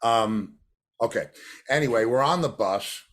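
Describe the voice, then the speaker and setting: A man's voice: medium pitch, measured pace. A male drummer and producer being interviewed, telling anecdotes and acting out the voices of the people in them. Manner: animated storyteller who acts out quoted voices.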